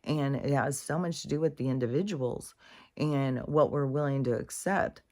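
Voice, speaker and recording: A woman's voice: rumbling low, moderate pace, dark tone. A woman in a casual spiritual monologue, speaking candidly, swearing freely and restarting her sentences.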